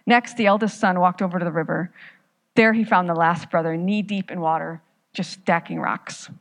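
A woman pastor telling a parable in a sermon, with a measured, dramatic reading. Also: on the low side, fairly even intonation, big-room sound. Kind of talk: sermon storytelling.

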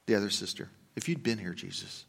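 A male pastor preaching a sermon, moving between hushed, slow reflection and loud, emphatic urging. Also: on the low side, vocal fry, slightly rough. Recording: long reverb of a large hall.

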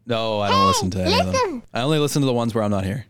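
Playful man with a lively voice. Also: lowish voice, racing, very noisy. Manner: playful, laughs often. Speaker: podcast co-host. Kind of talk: casual chat.

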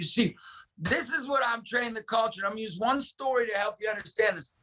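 A middle-aged man telling a story with intense, preachy passion and shouting for emphasis. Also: very high-pitched, lively intonation, fairly quick. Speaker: guest, ministry director. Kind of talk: impassioned storytelling.

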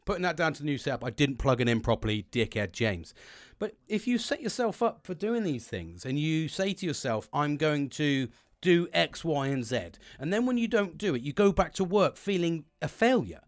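Sweary, animated man. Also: fairly high pitch, brisk. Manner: heavy swearing, animated, acts out quoted people. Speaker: podcast host. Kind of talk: casual motivational monologue. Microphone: home podcast mic setup.

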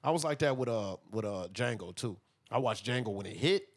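A man co-hosting a podcast, talking in easy, slangy chat. His voice sits in the middle range, and the sound is dry and close with no room around it. Now and then he bursts into loud laughter. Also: mid-range voice, lively intonation, brisk, no room sound. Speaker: podcast co-host. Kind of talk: casual chat.

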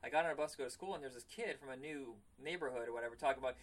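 A man's voice: a little high, racing, few pauses, recorded from a distance, rough recording. Wry, self-mocking man in casual chat. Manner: swears freely.

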